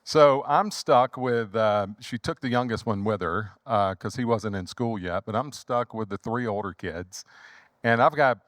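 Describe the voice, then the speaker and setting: A man's voice: lowish voice, a little slow, dry recording, studio quality. A man in his thirties from Louisiana with a Southern accent, telling a story as a guest in a casual chat. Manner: animated storyteller who acts out quotes. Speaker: guest, funeral home owner.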